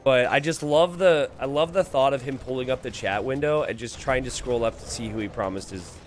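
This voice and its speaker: A man's voice: medium pitch, fairly quick, a little hiss or hum. A man commentating a strategy game live on stream and reading the chat aloud. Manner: animated, reads viewer chat aloud.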